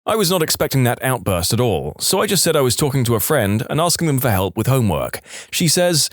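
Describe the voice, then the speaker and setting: A man reads submitted stories aloud in brisk, matter-of-fact scripted narration. His mid-pitched voice moves a lot in pitch. It is recorded close on a studio mic in a dry space. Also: sing-song, no room sound. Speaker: story narrator.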